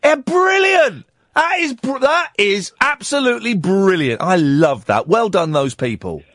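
A man's voice: sits high, lively intonation, moderate pace, fairly bright tone, no echo, clean studio sound. A male radio host, telling a story on a call-in show and acting out both sides of an argument. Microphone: studio mic.

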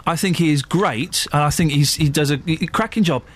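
A man's voice: fairly high pitch, fairly quick. A British man hosting a radio show, chatting casually and reading out listener texts with indignant ranting. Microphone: studio mic.

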